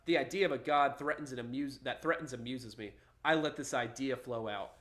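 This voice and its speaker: A man's voice: mid-range voice, fairly quick, a bit bright, close to an everyday voice. A man reading as a mocking, threatening god. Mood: menacing.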